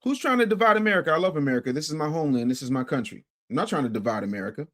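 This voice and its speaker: Male streamer, chat-reading commentary, pitched a little high, emphatic, repeats himself, volume swings. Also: very fast. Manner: animated, swings from loud to low and muttered; emphatic, repeats phrases for effect. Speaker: livestream host.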